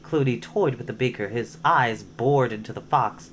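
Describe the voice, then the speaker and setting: A man's voice: medium pitch, moderate pace, fairly bright tone, muffled recording, slight background noise. A man reading a children's novel aloud with dramatic expression. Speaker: storyteller. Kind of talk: storybook read-aloud. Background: music.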